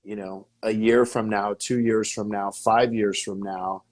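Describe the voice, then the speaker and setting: Energetic, low-voiced male business coach. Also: unhurried. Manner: energetic and emphatic, with repeated "okay?" and "right?" checks. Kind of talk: casual teaching in an interview.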